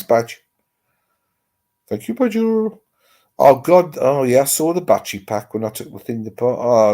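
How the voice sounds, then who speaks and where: Speaking into a laptop mic at home, the laptop resting on his lap, a man chats casually with his livestream viewers. His voice is on the low side, creaky and mellow, and his talk rambles with a bit of mild profanity.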